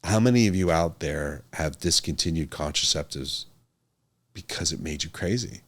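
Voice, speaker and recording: A man's voice: a bass voice, normal speed. A middle-aged man, a physician hosting his own podcast and speaking to a camera in an earnest, emphatic way that repeats his key points. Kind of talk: casual talk to camera.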